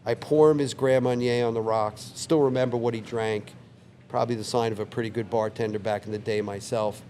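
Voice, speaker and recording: An older man who owns a bar unwinds a vivid story from his couch. His pitch sits in an ordinary middle range, and his relaxed storytelling is backed by a faint hiss of background noise. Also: brisk. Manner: relaxed, vivid anecdote teller who acts out quoted lines. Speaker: bar owner telling a story. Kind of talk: casual storytelling interview.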